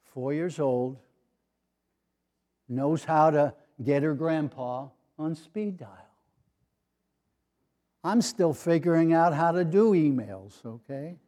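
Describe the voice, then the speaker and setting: A retired older pastor preaches his sermon in a high, mellow voice, speaking slowly with long pauses. His storytelling carries gentle humor, and he does voices for the people he quotes.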